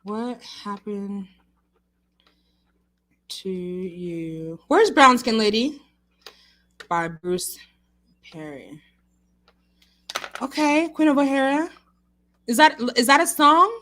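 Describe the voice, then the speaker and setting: Bright, chatty woman streamer. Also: high-pitched, lively intonation, slow, pauses often, a little hiss or hum. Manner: chatty, emphatic, laughs often. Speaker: livestream host. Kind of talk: casual livestream chat.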